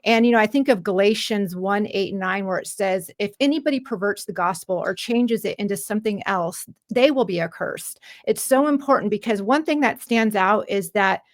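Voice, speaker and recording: A woman's voice: mid-range voice, normal speed, hardly any pauses, no room sound. A woman hosting a Christian interview, earnest and preachy, quoting scripture and encouraging her guest. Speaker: Christian podcast host. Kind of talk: faith-based encouragement and interview.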